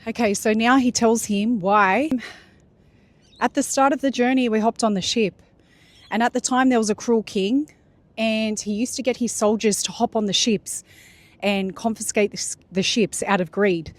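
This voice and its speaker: A woman's voice: a little high, fairly even intonation, normal speed, no room sound. Casual chatty woman telling a story. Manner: chatty, loose, many fillers and restarts. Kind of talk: casual spoken retelling of a religious story.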